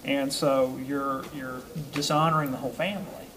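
A man teaches a small Bible study group, reading a passage and then explaining it casually with ums, uhs and chuckles. His mid-range voice is steady at a normal speed, with background noise present.

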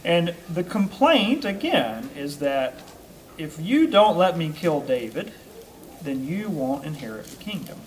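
A man's voice: fairly high pitch, big pitch swings, measured pace, a little hiss or hum. A man teaching a Bible study group. He reads a passage, then explains it casually with ums, uhs and chuckles. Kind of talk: informal scripture teaching to a small group.

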